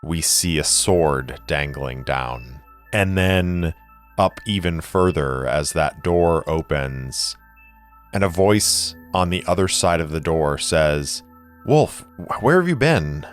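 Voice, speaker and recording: A man's voice: very deep voice, slow, soft background music. A man narrating a solo tabletop role-playing game like film, describing each camera shot. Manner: cinematic, describing camera shots.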